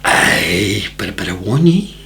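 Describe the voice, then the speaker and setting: Man doing a burly kilted Scotsman, Scottish accent, deadpan, hushed, a little distant. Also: low-pitched, a little slow, voice pushed down, full character voice.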